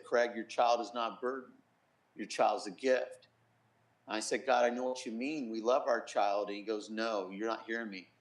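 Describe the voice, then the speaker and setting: A middle-aged man, a pastor, giving an earnest personal testimony in an interview, softly quoting others as he tells it. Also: medium pitch, echoey room, poor audio. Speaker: pastor and guest.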